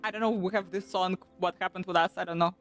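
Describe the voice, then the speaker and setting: A young woman chatting casually on a live stream, animated and swearing often as she restarts her sentences. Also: on the low side, fast talker. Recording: faint background music.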